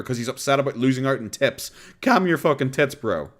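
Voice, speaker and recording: A man's voice: medium pitch, fairly quick, few pauses. An Irish man hosting a casual commentary stream, sarcastic and profane, breaking into laughter often.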